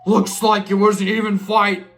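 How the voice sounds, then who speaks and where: A woman's voice: medium pitch, level tone, normal speed, creaky, soft background music, lightly acted. Woman playing a gloating burping monster boss. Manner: growling, gloating, burps. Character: gross burping male fly-monster boss, nasty.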